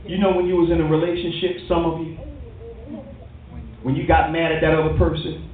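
A man pastor preaching a sermon in a church, lively and calling for responses. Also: fairly high pitch, brisk. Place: church hall. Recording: tinny, distant, very echoey church recording.

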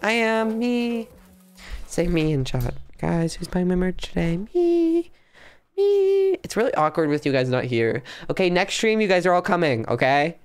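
A woman's voice: deep voice, a little fast, few pauses, clear, resonant tone. A young woman streaming from her bedroom, chatting casually with a hyper, playful, mock-dramatic manner. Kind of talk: casual live-stream chat. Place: bedroom at home.

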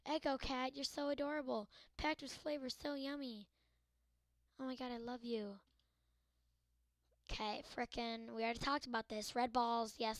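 A young woman with a fairly high voice gives hyper, goofy let's-play commentary, joking and rambling as she plays. The sound is close and dry, straight into a desk mic. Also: a bit bright, dry recording. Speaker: gaming video host.

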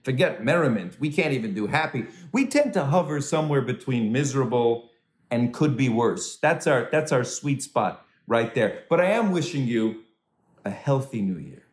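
A man doing a stand-up comedy set from home over a video call, animated and swooping into high voices for quoted people. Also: moderate pace, roomy sound. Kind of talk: stand-up comedy set for a virtual charity dinner.

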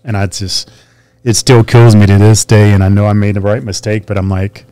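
A man's voice: on the low side, little pitch movement, a little fast, dark tone, smooth, dry recording. A man speaking as a podcast guest, telling candid and emphatic stories about himself in an earnest, confessional way. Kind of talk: candid interview storytelling.

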